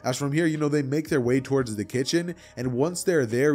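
A man narrating a fan story in a casual, chatty way, with quick asides. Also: medium pitch, a little mellow, husky. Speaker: YouTube storyteller.

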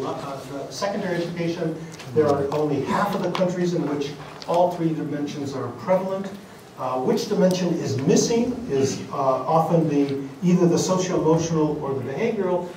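A man giving an academic conference lecture, speaking deliberately with many fillers and restarts. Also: a little high, darkish tone, a little hiss or hum. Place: conference hall. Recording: echoey hall, mic at a distance, faint ambience.

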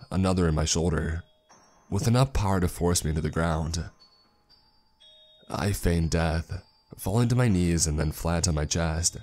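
Man, very deep voice, slow grave horror narration, faint music behind. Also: a little mellow. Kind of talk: scripted narration.

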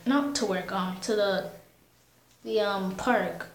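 A woman's voice: mid-range voice, slow pace, pauses often, echoey room, faint music behind, rough recording. A woman giving casual commentary on a life-simulation game, rambling and slangy as she talks to herself and her viewers. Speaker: gamer.

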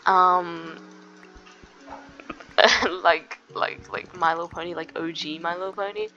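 A woman's voice: on the low side, steady tone, slow pace, pushed and bright, lo-fi sound. A woman playing as a guest in a gaming video, chatting casually and teasing opponents. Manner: teasing, trash-talking. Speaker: guest player. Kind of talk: casual gameplay chat. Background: game music.

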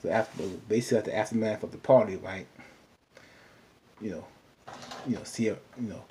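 A man with a fairly low voice talks through a TV episode in a relaxed, rambling way. He leans on "you know" and loose asides. A faint hum of noise sits under his voice. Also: a little fast. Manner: chatty, loose, full of "you know" fillers. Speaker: TV episode recapper. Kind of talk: casual rambling recap.

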